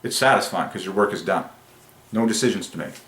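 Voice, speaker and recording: Man, low voice, ecstatic religious monologue, rapturous bursts and quiet musing, echoey room. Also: quick pace. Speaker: numerology channel host. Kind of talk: excited religious numerology monologue.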